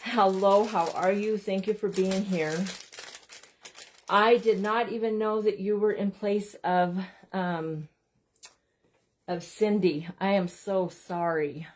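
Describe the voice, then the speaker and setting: A woman's voice: mid-range voice, fairly even intonation, takes it slowly, a little hiss or hum. Woman, crafting livestream host; casual, chatty, self-deprecating, keeps addressing viewers directly.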